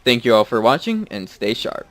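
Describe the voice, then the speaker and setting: A man's voice: mid-range voice, very animated, moderate pace, a bit bright, no room sound. A man giving a scripted, matter-of-fact video game guide voice-over.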